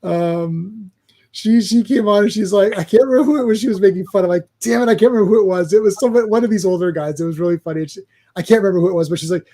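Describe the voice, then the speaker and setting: A man with a fairly high but mellow, soft-toned voice, talking loosely on a live stream. He rambles, restarts his sentences and breaks into laughter as he tells stories. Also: quick pace. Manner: rambling, laughing, trailing off mid-thought. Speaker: podcast host. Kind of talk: casual chat.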